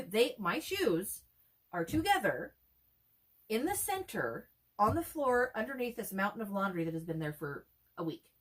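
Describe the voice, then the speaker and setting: A woman in her forties spins stories in a relaxed chat, animated and blunt, with the odd curse word. Her pitch sits mid-range for a woman. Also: unhurried. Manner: animated storyteller, swears freely. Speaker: co-host. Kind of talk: casual chat.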